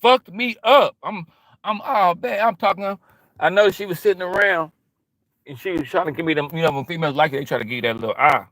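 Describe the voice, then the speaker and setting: A middle-aged man talks to his stream in a loose, slangy monologue and acts out bits of quoted back-and-forth. His voice sits a little high and comes across bright and forceful. The sound is dry and close. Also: a little fast, no echo. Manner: animated and slangy, acting out quoted exchanges. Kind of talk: casual monologue.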